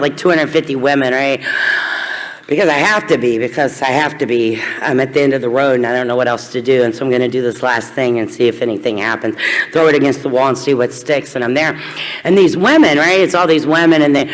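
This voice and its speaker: Candid woman in a reverberant hall. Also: very deep voice. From Kentucky. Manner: candid, blunt, self-deprecating humor. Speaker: recovery meeting speaker. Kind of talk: personal testimony talk to a crowd.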